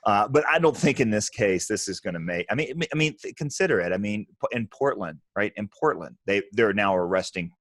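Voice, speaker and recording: A man's voice: lowish voice, lively intonation, a little fast, few pauses, no echo, clean studio sound. A man hosting a podcast discussion, emphatic and thinking aloud as he talks. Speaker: podcast host. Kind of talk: casual discussion.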